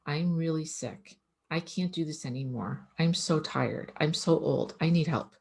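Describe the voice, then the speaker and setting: Give voice to a sick old pet, low-pitched and worn out, as a woman speaks for it. It pleads slowly and quietly, too tired to go on. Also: vocal fry, husky, full character voice. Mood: pleading. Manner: slow, weary and pleading.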